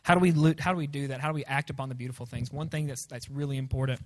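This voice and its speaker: A man's voice: medium pitch, steady tone, very fast, a little mellow. A young man preaching to students, rambling and self-deprecating, full of fillers. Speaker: youth pastor. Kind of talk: sermon to students.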